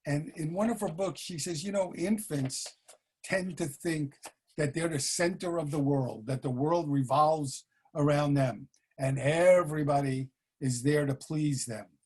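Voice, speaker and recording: Slow, husky-voiced male preacher. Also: a little high. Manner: slow, warm storytelling with pauses and fillers. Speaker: senior minister. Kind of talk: sermon.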